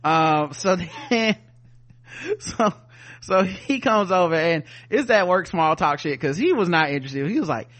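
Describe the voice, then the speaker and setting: Male podcast co-host, fairly high voice, loose profane recap, acts out scenes. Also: a little slow. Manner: animated storyteller acting out characters' lines. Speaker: podcast co-host reviewing a TV episode. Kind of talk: casual profane recap chat.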